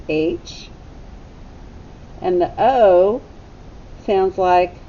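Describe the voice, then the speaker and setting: A woman teacher giving a phonics lesson to young children, sounding out letters slowly and deliberately. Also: warm tone. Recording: slightly dull recording with faint rumble.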